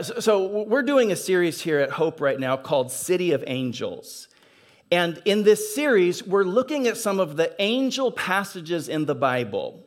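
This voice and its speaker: A man, a pastor, preaching a sermon in church, telling a story and slowing down to stress key phrases. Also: sits high. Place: church sanctuary.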